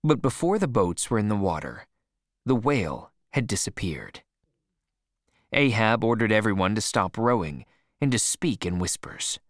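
Brief: male audiobook narrator, low voice, lively melody, dry close sound. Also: dry recording. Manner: expressive storytelling.

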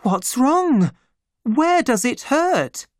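A man reading a story, voicing an anxious, bossy grown woman with high urgent cries. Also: very animated, drawn-out words, dry recording, clean studio sound, full character voice. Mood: alarmed.

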